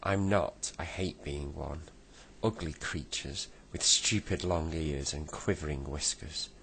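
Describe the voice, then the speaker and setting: A man's voice: a bass voice, a little slow, vocal fry, a bit bright, slight background noise, full character voice. A man voicing a grumpy saucepan man turned into a toy rabbit, rude and sulky.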